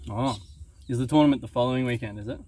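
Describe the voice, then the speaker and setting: A man's voice: mid-range voice, fast, mellow, slight background noise. Casual Australian male host, easygoing and teasing, mid-range voice, recorded outdoors by a lake. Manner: joking, easygoing, frequent ums. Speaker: interviewer and waterski coach. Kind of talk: casual interview. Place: outdoors by a lake on a sunny day. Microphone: video camera on site.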